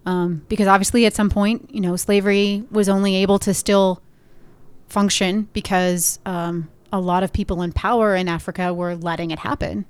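A woman's voice: mid-range voice, steady tone, normal speed, clean tone, dry recording. A woman co-hosting a casual podcast, explaining things hesitantly with many fillers. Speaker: podcast co-host. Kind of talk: casual chat.

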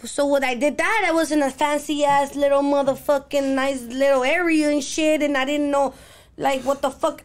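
A young woman from Los Angeles, a podcast guest telling stories in a laid-back, profane, slangy way. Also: high-pitched. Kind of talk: casual chat.

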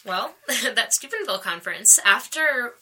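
Bright-voiced woman telling an emotional story. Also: fairly high pitch, normal speed, breathy edge, poor audio. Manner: animated, laughs often, emotional storytelling. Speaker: guest sharing her faith story. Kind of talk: personal faith testimony in conversation.

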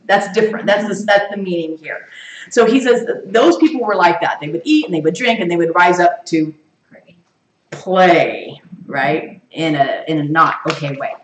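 A woman teaching a Bible study to a group, lively, quizzing her listeners and laughing often. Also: lowish voice, brisk. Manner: animated, asks the group questions and laughs often. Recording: echoey room, far from the mic.

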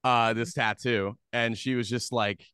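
A man's voice: mid-range voice, steady tone, a little slow, sharp tone, clean tone, no echo. A young man from the Philadelphia area, a guest talking in a loose, rambling way full of fillers and easy laughs. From Philadelphia area, USA. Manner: loose and rambling, heavy on fillers like "like" and "you know", laughs easily. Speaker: guest, social media creator. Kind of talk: casual interview chat.

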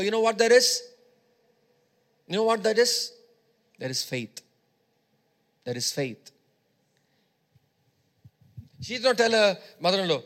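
A man's voice: sits high, expressive, takes it slowly, long pauses, fairly bright tone. A male preacher giving a sermon, emphatic, repeating phrases and urging his congregation on.

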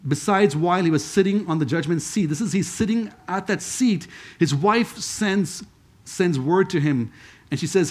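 Higher-voiced male preacher, conversational. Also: expressive, normal speed. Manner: conversational with joking asides. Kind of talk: sermon.

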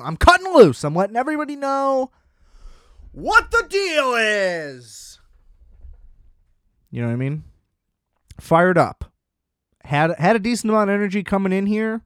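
A man's voice: fairly high pitch, smooth, no echo, clean studio sound. A young man hosting his own podcast, ranting in a profane, sarcastic, casual way. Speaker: podcast host. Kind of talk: casual solo rant.

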